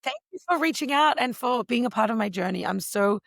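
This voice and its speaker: Brief: middle-aged woman, interview guest, animated storyteller, slight fry. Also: fairly high pitch, a little fast, dry recording, clean studio sound. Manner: expressive, animated storyteller with voices. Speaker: podcast guest. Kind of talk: interview conversation.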